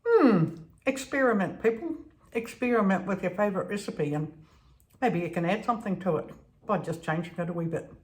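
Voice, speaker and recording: A woman's voice: medium pitch, lively intonation, a little fast, a little mellow. A woman chatting casually as she bakes at home, laughing often and trailing off with fillers. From Netherlands. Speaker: vlogger. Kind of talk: casual home baking vlog.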